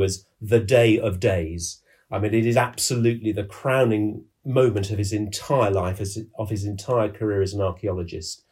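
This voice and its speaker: A man with a husky voice, speaking as a historian guest on a podcast. He retells events vividly and with a sense of drama, restarting his phrases often. His voice sits fairly low. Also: darkish tone. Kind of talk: storytelling explanation in a podcast interview.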